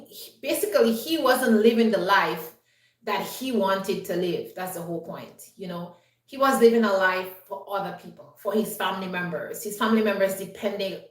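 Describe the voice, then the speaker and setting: A woman's voice: medium pitch, fairly bright tone, far from the mic. A woman vlogger telling a personal story in a chatty, upbeat way, full of "you know". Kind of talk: casual storytelling to camera. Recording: roomy echo, voice set back from the mic.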